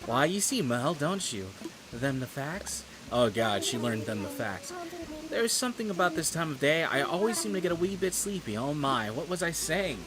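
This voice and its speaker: A man's voice: on the high side, sing-song, normal speed, a crowd in the background, pitched above the performer's own voice. A man voicing a sleepy, fussy male owl museum curator, reading game dialogue aloud in a genteel, drowsy way.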